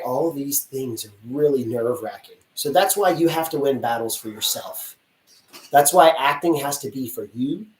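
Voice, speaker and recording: A man who works as a casting director is answering audience questions in a chatty, energetic way, acting out little scenes as he talks. His voice sits at an ordinary pitch, and it sounds roomy and distant, as if the mic is some way off. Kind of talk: live-stream Q&A answers.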